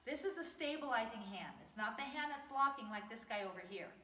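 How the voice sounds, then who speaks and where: A woman teaching a children's taekwondo class, playful and upbeat, shouting out kiai counts. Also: fairly high pitch, animated, a little fast. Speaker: taekwondo instructor. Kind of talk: kids' martial arts class instruction. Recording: echoey, distant camera audio.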